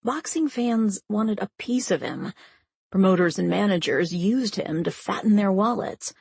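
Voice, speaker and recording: A woman reads an audiobook at a slow, measured pace. Her voice is raspy and gravelly. The recording is dry and close. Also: medium pitch, darkish tone, no room sound. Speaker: audiobook narrator. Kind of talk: scripted narration.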